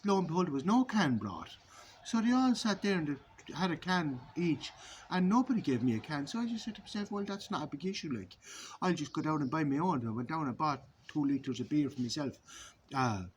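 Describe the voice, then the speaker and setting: A man's voice: medium pitch, slight background noise. A middle-aged man telling a long, rambling, self-assured story, philosophizing and swearing freely. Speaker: vlogger. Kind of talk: rambling monologue.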